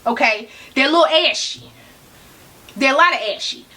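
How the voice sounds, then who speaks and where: A giddy woman chatting through an unboxing for her viewers, her voice swinging wildly up and down. She talks herself down from excitement and drops to whispers now and then, all bright and sharp in tone. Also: high-pitched, normal speed. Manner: chatty slang-filled banter with viewers. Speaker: fashion vlogger.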